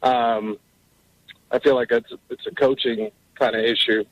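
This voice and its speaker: A male caller speaks very slowly and hesitantly, stopping on plenty of fillers. His voice comes through dry and somewhat muffled. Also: mid-range voice, level tone, no room sound. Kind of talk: call-in radio chat.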